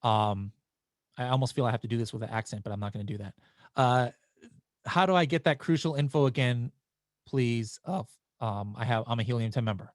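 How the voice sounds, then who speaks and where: A man's voice: mid-range voice, brisk, no room sound, studio quality. Casual, chatty man hosting a webinar. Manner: casual and chatty, with frequent restarts and fillers. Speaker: webinar host answering viewer questions. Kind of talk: live webinar Q&A.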